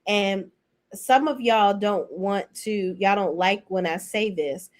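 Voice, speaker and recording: A woman in her forties giving a blunt, profane, sassy reality TV recap rant as host. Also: slow. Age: 40s. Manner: mocking and animated, swings between high and low. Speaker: commentary host.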